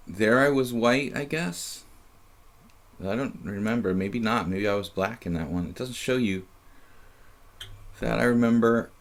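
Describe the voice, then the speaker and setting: A man streaming chess online, thinking aloud about the game in a halting way, with many fillers and restarts. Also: fairly low pitch.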